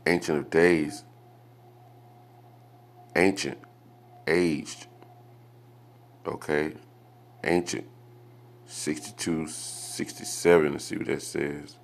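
A man with an extremely deep voice leads a scripture lesson. He reads verses aloud, then breaks them down with rhetorical questions and a steady stream of "okay?" check-ins. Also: takes it slowly, vocal fry, long pauses. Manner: asks rhetorical questions, adds "okay?" after points. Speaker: Bible teacher. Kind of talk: Bible study teaching.

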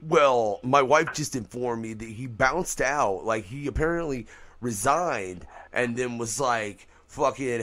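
A man hosting a casual podcast radio show, talking loosely and swearing freely, his voice leaping up when he gets excited. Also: on the low side, moderate pace. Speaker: podcast host. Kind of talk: casual profane radio chat.

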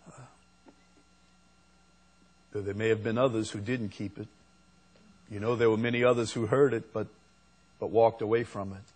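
A man preaching a sermon as pastor, slow and unhurried, rising to emphatic peaks. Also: fairly low pitch, fairly even intonation, a little mellow, slightly rough.

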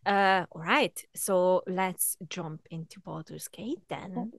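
Laughing, lively woman podcast host, Hungarian native. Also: fairly low pitch, slow, creaky. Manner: laughs often, lively and frank. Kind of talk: casual chat.

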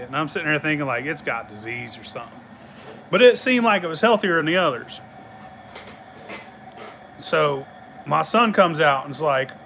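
A man's voice: a little high, animated, normal speed, long pauses, sharp tone, a little hiss or hum. A middle-aged man, telling a rambling, profane story in casual chat and laughing along the way. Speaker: channel host.

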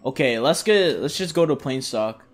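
A young man commenting on his own gameplay in loose slang, excitable and swearing constantly. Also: mid-range voice, moderate pace. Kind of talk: casual let's-play commentary.

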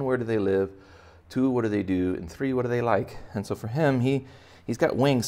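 Male art teacher for kids, low and gravelly, playful chatty delivery. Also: darkish tone. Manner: playful, chatty, talks to children directly. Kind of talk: step-by-step drawing lesson for kids.

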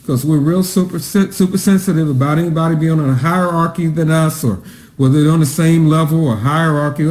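Male pastor, high-pitched, preaches with drawn-out emphasis in a roomy space. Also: darkish tone. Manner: greets online viewers by name. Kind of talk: sermon. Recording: echoey room sound.

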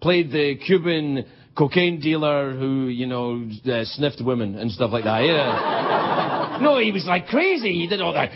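A man hosting a late-night talk show, delivering a playful comedy monologue that swings from shouts to mutters. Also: fairly high pitch, sing-song, unhurried, very noisy. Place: TV studio with live audience. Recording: dull broadcast tape with loud audience.

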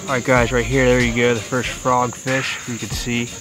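A man talks casually to his viewers while fishing outside by a pond, easygoing and chatty, with a middle-pitched voice. His delivery is loose, full of ums and uhs. Faint music and crickets sit behind him. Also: little pitch movement, normal speed. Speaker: fishing vlogger. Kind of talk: casual vlog talk to viewers. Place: outdoors by a pond.

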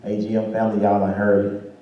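In a church sanctuary, a man preaches a sermon and tells a story as the congregation answers him, his call-and-response preaching rising to shouts. His lowish voice is fast with a completely flat delivery. The audio is dull, with roomy church sound captured from far off.

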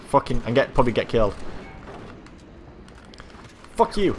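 A young man commentating his own gameplay, swearing freely, yelling at other players and boasting in jest. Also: medium pitch, expressive, brisk, pauses often, slight background noise. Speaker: gaming channel host.

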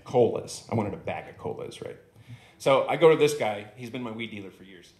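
A man's voice: mid-range voice, brisk, darkish tone. A man doing stand-up comedy at an open mic, telling a rambling, swearing story into a handheld microphone in a club. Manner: rambling, profane, conversational. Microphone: handheld stage microphone. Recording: echoey club room.

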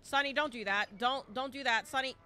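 A woman streaming a live game, talking fast and often in bursts, shouting and repeating herself as the game goes on. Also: high-pitched, a little hiss or hum. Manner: animated, exclaiming and shouting at the game; talks to chat and teammates, repeats phrases. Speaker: gaming streamer. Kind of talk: live gameplay commentary.

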